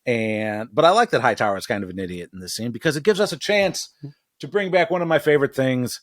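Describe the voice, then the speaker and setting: A man co-hosting a podcast in a casual recap chat, jokey and relaxed, who swears in passing. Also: medium pitch, quick pace, no room sound, clean studio sound. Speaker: podcast co-host.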